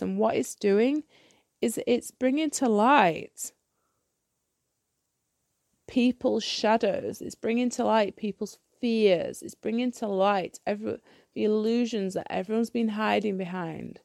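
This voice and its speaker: Woman, solo podcast host, blunt swearing rant; warm tone, dry close recording. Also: on the high side, unhurried, vocal fry, dry recording. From United Kingdom. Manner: blunt, ranting, swears freely; repeats and restarts when heated.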